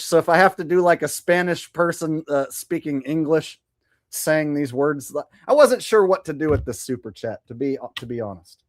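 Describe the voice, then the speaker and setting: A man's voice: on the high side, normal speed. A man hosting a livestream, chatting casually and a bit sarcastically while reacting to news clips and reading viewer messages. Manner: chatty, sarcastic, loose and animated. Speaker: livestream host. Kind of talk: casual commentary reading viewer super chats.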